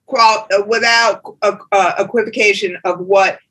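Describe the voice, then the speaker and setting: Bright-voiced woman podcast co-host. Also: medium pitch, steady tone, moderate pace, low-quality recording. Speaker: podcast co-host, music writer. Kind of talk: casual chat.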